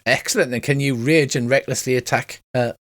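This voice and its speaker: A man narrating and running a tabletop game online as game master, in a brisk, dry, bantering way. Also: mid-range voice, steady tone, a bit bright, no echo.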